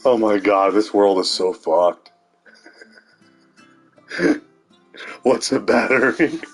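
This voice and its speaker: A man's voice: lowish voice, slow pace, soft background music. A man rambling to viewers in a sardonic monologue, swearing and laughing at his own jokes. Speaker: vlogger.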